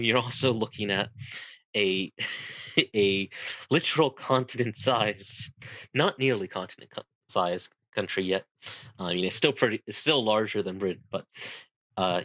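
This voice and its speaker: Lowish male voice, casual history talk, rambling, fillers, dry muffled home recording. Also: pushed and bright, dry recording. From United States. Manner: rambling, self-deprecating, many fillers. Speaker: amateur presenter.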